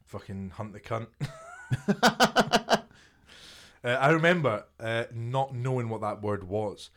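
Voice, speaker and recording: A man's voice: fairly low pitch, normal speed, a bit bright. A young man hosting a podcast, telling stories in a laid-back, sweary, casual chat. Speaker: podcast host.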